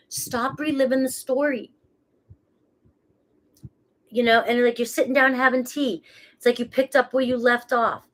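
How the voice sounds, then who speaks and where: A woman's voice: a little high, a little slow, pauses often. A woman with a cold, a tarot reader who gives a casual, rambling reading and laughs at herself as she talks. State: has a cold.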